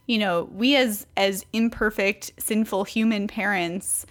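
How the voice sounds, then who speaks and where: A woman's voice: mid-range voice, measured pace. A young adult woman coach talking casually to women about faith, with many fillers and restarts. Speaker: Christian coach. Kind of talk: casual devotional talk to women.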